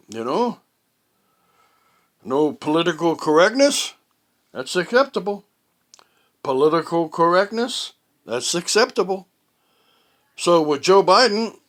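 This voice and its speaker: A man telling a casual, rambling story at home, halting often with fillers and restarts. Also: a little high, a bit bright. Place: at home, indoors.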